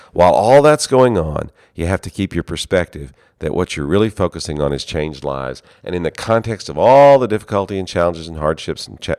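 Deep-voiced earnest male preacher. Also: no echo, clean studio sound. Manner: earnest, conversational, storytelling. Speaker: seminary leader. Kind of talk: ministry talk.

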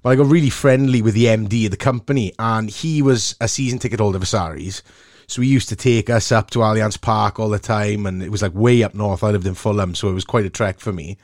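A Welsh man telling a cheeky anecdote in a casual chat, animated and chatty. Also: on the low side, fast talker, dry recording, clean studio sound. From Wales.

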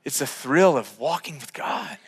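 A man preaching a sermon, telling a personal story with acted dialogue in an animated, self-deprecating way. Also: on the high side, moderate pace, gravelly, breathy edge. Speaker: pastor. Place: church sanctuary. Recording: reverberant church hall.

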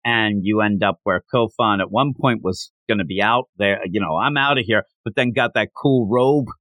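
A man co-hosting a casual comic book review chat, animated and jumping into mocking voices for the characters. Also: lowish voice, normal speed, dry recording. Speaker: podcast co-host.

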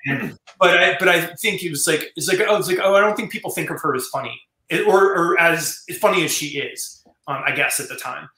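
Male screenwriter guest, casual rambling storyteller, slightly high voice, roomy sound. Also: fairly quick, bright, forceful tone. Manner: rambling, many fillers and restarts.

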